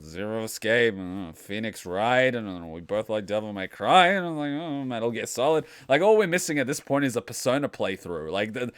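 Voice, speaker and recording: A man's voice: medium pitch, dry recording, studio quality. A young man giving casual, chatty, self-deprecating commentary while playing a game. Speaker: let's play gamer.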